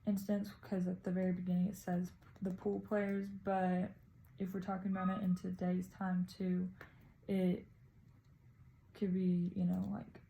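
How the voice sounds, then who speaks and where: A woman's voice: fairly low pitch, monotone, unhurried, creaky, warm tone, slight background noise, low-quality recording. A woman casually talking through her reading of a poem, tentative and thinking aloud as a student presenting. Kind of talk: casual spoken poem analysis.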